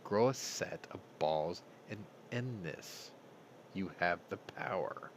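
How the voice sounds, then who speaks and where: A man's voice: deep voice, lively intonation, takes it slowly, a little hiss or hum. A man hosting a news commentary show, talking bluntly with heavy profanity and open anger. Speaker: host.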